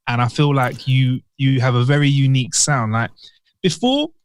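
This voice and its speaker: A man's voice: medium pitch, expressive, moderate pace, dry recording. This is a male podcast host with a medium voice who asks admiring questions and often restarts his sentences. The sound is dry and close, with little room around it. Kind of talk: interview questions.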